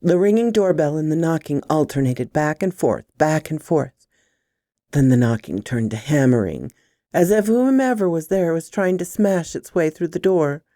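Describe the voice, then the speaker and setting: A woman with a low, mellow voice reads a first-person horror story. Her pitch swings widely as she builds suspense, and the sound is close and dry. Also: animated, moderate pace, dry recording.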